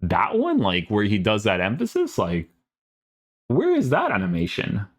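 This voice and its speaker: Male gamer host, deep voice, offhand sarcastic reactions while reading patch notes. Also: huge pitch swings, normal speed. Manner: casual, sarcastic asides, many fillers. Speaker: gaming YouTuber.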